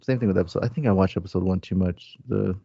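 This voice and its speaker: A man co-hosting a podcast in casual chat, easygoing and quick to laugh. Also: low voice, vocal fry, dark tone, dry recording. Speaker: podcast co-host. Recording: dry, dull lo-fi sound.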